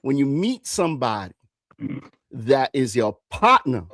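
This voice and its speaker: A man's voice: medium pitch, sing-song, unhurried, fairly bright tone, dry recording, clean studio sound. A man hosting a casual podcast chat, getting impassioned and preachy, hammering his point home by repeating phrases. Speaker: podcast host.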